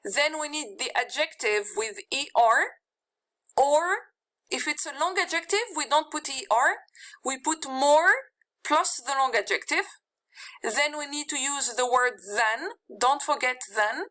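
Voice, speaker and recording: A woman teaching a grammar lesson with a high, bright voice. She takes her time, laying out each rule step by step. She says example words slowly and repeats them so students can follow. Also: poor audio. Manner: walks through rules step by step. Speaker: English teacher.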